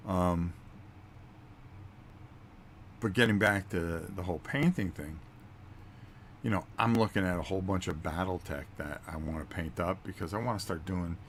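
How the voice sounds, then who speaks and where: A man's voice: deep voice, a little hiss or hum. A man hosting his own vlog, chatting casually and rambling through a story with fillers and acted-out quotes. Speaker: vlog host. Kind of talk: casual chat.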